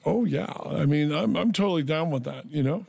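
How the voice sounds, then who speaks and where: A man's voice: fairly high pitch, animated, a little fast, creaky, mellow, no room sound. A man co-hosting a live radio talk show, throwing out dry, teasing wisecracks. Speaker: co-host. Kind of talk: casual radio chat.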